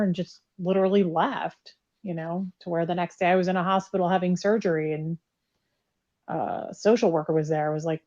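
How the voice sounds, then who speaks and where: A woman with a low-set voice talks bluntly and candidly on a recorded phone call, and she doesn't hold back on swearing. The line sounds dull and muffled, with the top end rolled off. She comes across as plainspoken and direct. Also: steady tone, moderate pace, darkish tone. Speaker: caller, former member recounting her past.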